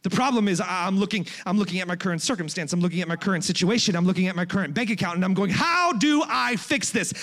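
A man preaching a sermon as a guest speaker in a church, joking between passages and building to shouted, rising crescendos. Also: high voice, very fast, few pauses.

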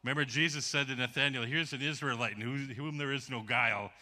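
Folksy man missionary, very bright voice. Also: mid-range voice, steady tone, fast talker. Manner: folksy, casual, says "man" often. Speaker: missionary guest speaker. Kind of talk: sermon.

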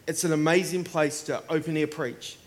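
An Australian man delivers a sermon, warm and casual, slipping into acted voices as he tells stories. His voice sits high for a man. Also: moderate pace. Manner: animated, acts out voices in anecdotes. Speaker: preacher. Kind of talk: sermon with storytelling.

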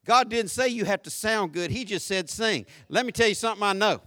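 A man in his fifties with a Southern US accent from Florida, preaching a folksy sermon that swings between quiet asides and loud shouts. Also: sits high, fairly quick, no room sound, clean studio sound. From Jacksonville, Florida. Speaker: pastor.

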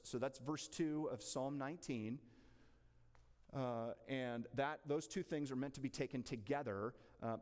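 A medium-pitched man with a darkish tone runs a casual Bible class, chatting and questioning the group. The recording carries the long reverb of a church hall.

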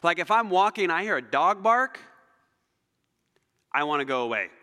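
A male pastor preaching a sermon, telling stories dramatically and swinging between loud emphasis and near-whispers. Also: a little high, moderate pace, smooth. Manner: animated, dramatic storytelling with shifts between loud and soft. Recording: long hall reverb.

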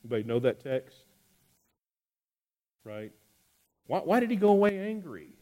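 A man delivering a sermon in a somewhat high voice. He preaches with animated rhetorical questions and often repeats words as he restarts phrases. His delivery swings between loud, pressing pleas and quiet asides. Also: normal speed. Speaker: pastor.

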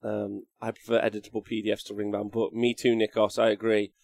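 A man's voice: on the low side, completely flat delivery, a little fast, gravelly, a little mellow, no room sound. An English man hosting a wargaming show, chatting casually and rambling, cracking jokes, swearing now and then, and reading viewer comments aloud. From England. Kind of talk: casual live-stream chat.

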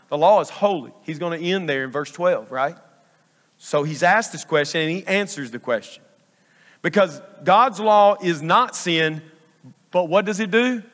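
A man's voice: high voice, a bit bright. A male pastor preaching a sermon in a church sanctuary, emphatic and repeating phrases for stress. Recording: long reverb of a large church hall.

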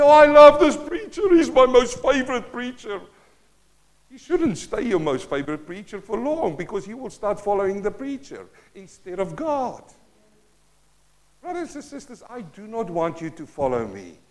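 A man in his fifties with a South African accent, preaching a sermon with passion, swinging between loud declarations and hushed asides. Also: high voice. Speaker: pastor.

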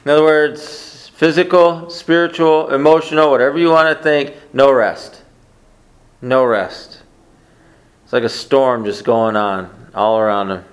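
A man's voice: fairly high pitch, moderate pace, few pauses. Conversational man preaching a sermon. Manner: conversational, asks the congregation questions. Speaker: pastor.

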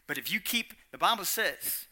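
A man's voice: high voice, expressive, normal speed, pushed and bright. A man preaching a sermon, emphatic, repeating his lines and quizzing the congregation. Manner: emphatic, repeats lines, asks the audience questions.

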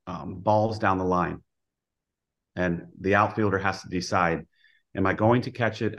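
A man who coaches softball, a guest on a podcast, explaining things in a plainspoken way. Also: low-pitched, muffled recording. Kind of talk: casual podcast interview.

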